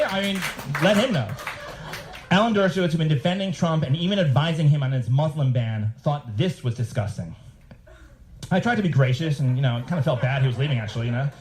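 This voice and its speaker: A man giving a live reading of his work to an audience, with sardonic asides, now and then mimicking the people he quotes in a higher voice. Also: big pitch swings, normal speed, darkish tone. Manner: sardonic, mimics email writers in raised voices.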